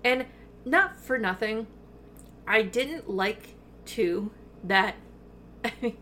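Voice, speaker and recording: A woman co-hosting a podcast in casual chat, talking in an animated way with lots of fillers and swearing, eating while she records. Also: on the high side, drawn-out words, slight background noise. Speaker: podcast co-host.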